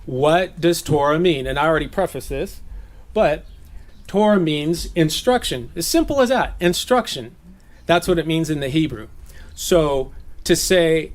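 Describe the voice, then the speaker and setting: A man from Southern California giving a relaxed, chatty sermon, laughing often and slipping into playful voices. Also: on the high side, a little slow. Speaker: preacher. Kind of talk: casual sermon teaching. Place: gathering.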